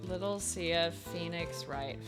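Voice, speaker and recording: A woman's voice: fairly low pitch, takes it slowly, over loud music. A young woman streaming a game, chatting casually and giggling with her viewers. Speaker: gaming streamer.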